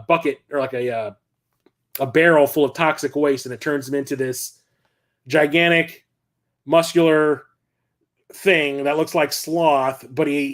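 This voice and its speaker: A middle-aged man chatting casually at home, rambling excitably and swearing now and then. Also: a little high. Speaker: collector vlogger. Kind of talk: casual unscripted chat.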